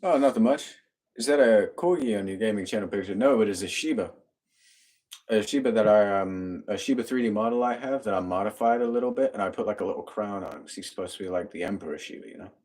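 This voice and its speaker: A man's voice: lowish voice, fast talker, a little mellow. A man co-hosting a casual live stream from a home bar, reading out viewer comments and laughing often. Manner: upbeat, laughs often, talks to his dogs.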